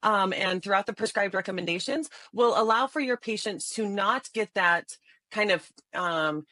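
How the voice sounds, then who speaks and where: A lively middle-aged woman talks casually on a podcast and acts out sample lines in different voices. She laughs often between points. The sound is dry and close, with no room echo. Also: mid-range voice, moderate pace. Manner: animated, laughs often, acts out example dialogue. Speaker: podcast guest, sales trainer. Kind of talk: casual interview talk with demonstrations.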